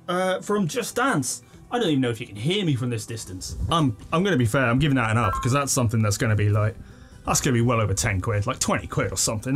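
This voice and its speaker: An excitable young man talks through a mystery box in his living room, chatty and enthusiastic. His pitch sits in an ordinary middle range, and faint music plays behind him. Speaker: unboxing video host. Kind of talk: casual unboxing commentary.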